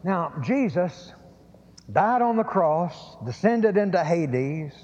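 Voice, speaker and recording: A fairly high-voiced man delivers a sermon with insistent emphasis, often doubling back on his words as he presses a point. The recording sounds muffled and lo-fi, and a long reverb trails his voice as if he is in a large hall. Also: sing-song, slow pace, a little mellow, a little hiss or hum. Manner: emphatic, repeats phrases, hesitant restarts. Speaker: preacher.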